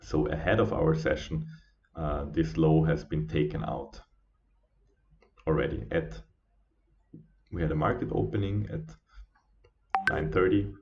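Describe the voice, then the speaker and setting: A tired man talking casually through a live trading stream as its host, halting with many fillers and restarts. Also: extremely low pitch, fairly even intonation, creaky, a little mellow. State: sleepy, yawning. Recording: dull lo-fi stream audio.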